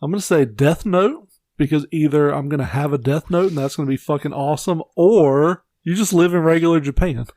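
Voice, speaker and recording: A man's voice: a little high, a little mellow, dry recording. A man co-hosting a podcast in casual chat, swearing freely and joking about himself. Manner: profane, self-deprecating, quick back-channel replies. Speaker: podcast co-host.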